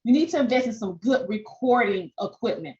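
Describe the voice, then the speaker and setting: A woman with a Southern country twang coaching a live webinar, lively and direct, often checking in with "okay?". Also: fairly high pitch, a little fast, highs cut off. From Southern United States. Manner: animated, peppers talk with "okay?". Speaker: podcast coach. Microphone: desk microphone.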